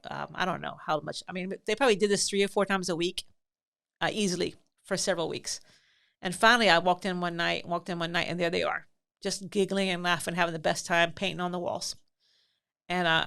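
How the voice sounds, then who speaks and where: A woman in middle age with a low, gravelly voice tells a story from her home. She rambles, circles back and fills gaps with ums as she goes. The pitch sits low and rough. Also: a bit bright. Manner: chatty, rambling, with frequent fillers and laughs. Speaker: podcast host. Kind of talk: casual storytelling.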